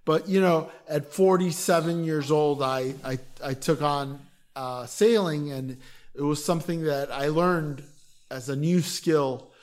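A man's voice: fairly high pitch, measured pace, a little mellow. A man in his fifties, raised in Florida after a Philadelphia childhood, talking earnestly in casual podcast chat with many restarts. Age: 50s. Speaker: podcast guest.

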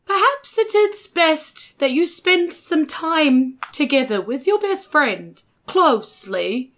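A woman voicing a concerned town mayor, speaking in an earnest, measured way. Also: high-pitched, big pitch swings, a bit bright, pitched above the performer's own voice, full character voice.

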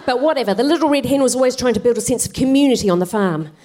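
A woman comedian spins a comic fairy-tale retelling on a theatre stage. She slips in wry, offhand asides between the story beats. Her voice sits a touch high. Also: lively intonation, very fast, warm tone, a faint crowd, a little hiss or hum. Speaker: guest comedian. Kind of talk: stand-up storytelling, live on stage.

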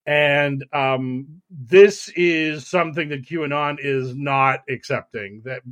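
A man co-hosting a casual political chat, sarcastic and animated, mocking others in put-on voices. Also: a little high, takes it slowly. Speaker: podcast co-host.

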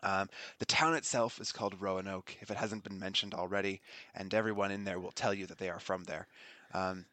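A man's voice: deep voice, fairly even intonation, brisk, hardly any pauses, bright, forceful tone, dry recording. A man narrating a tabletop game as game master, rambling and laughing as he goes. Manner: rambling, laughing, self-correcting.

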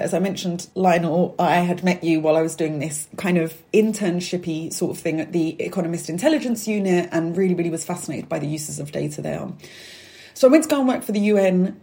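Woman, thirties, mellow tone, candid, chatty interview guest. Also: lowish voice. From England. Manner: candid, animated, with fillers and asides. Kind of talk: interview conversation.

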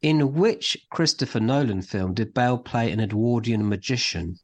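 A man's voice: medium pitch, moderate pace, a little mellow. A man co-hosting a casual podcast, chatting about TV and running a light quiz in a rambling, teasing way. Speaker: podcast co-host.

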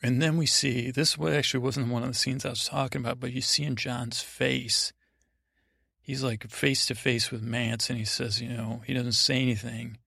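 A man's voice: mid-range voice, flat delivery, moderate pace, vocal fry, pushed and bright, no echo, clean studio sound. A man hosting a podcast, giving a rambling, meandering sleep-aid recap of a TV episode. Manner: meandering, digressive retelling. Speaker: podcast host.

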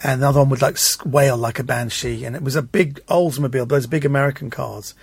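A man, a comedian guest, telling anecdotes in an animated way in casual chat and acting out the voices he quotes. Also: mid-range voice, quick pace, vocal fry, husky, no echo.

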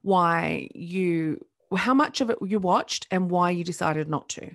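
A woman chats on a podcast, her voice sitting slightly low. She tells stories in quick bursts and acts out the quotes as she goes. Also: lively intonation. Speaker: podcast co-host. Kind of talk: casual chat.

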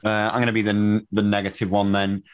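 A man's voice: fairly low pitch, completely flat delivery, brisk, smooth. A man on a casual football podcast, blunt and downbeat. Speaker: podcast co-host.

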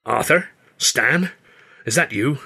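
A man doing a gruff, boastful vaudeville boss. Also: mid-range voice, lively intonation, takes it slowly, sharp tone, pitched above the performer's own voice, full character voice. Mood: brusque. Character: burly gruff male vaudeville entrepreneur, blustering and boastful.

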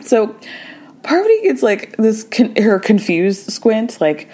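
Animated woman recapping reality TV. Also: a little high, takes it slowly, pauses often. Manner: animated storyteller acting out quotes, laughing often. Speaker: podcast host. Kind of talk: casual pop-culture recap.

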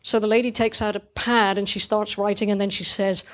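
A woman's voice: mid-range voice, little pitch movement, a little fast, fairly bright tone, lightly acted. A woman reading aloud in the voice of a small, anxious, put-upon girl, her tone plaintive. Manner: plaintive, rising into upset. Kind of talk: reading a cartoon monologue aloud.

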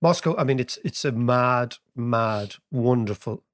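A man, co-hosting a podcast, telling stories and explaining economics in an animated way, laughing as he goes. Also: mid-range voice, unhurried. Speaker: podcast co-host. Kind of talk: casual storytelling and economics chat.

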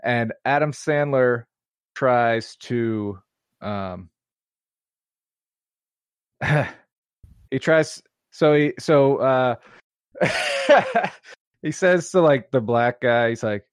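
A man's voice: mid-range voice, very slow, pauses often, clear, resonant tone, no room sound. Rambling, laughing male podcast host. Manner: rambling storyteller, laughs often. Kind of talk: casual chat.

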